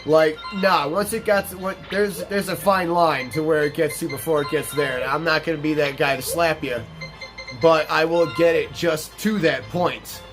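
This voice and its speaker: A blunt young man tells a story over gameplay, swearing freely and acting out each line of dialogue. His voice sits a little high for a man. Loud game music plays clearly behind him. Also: normal speed. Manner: blunt, profane, animated retelling with quoted dialogue. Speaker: gaming channel host telling a story.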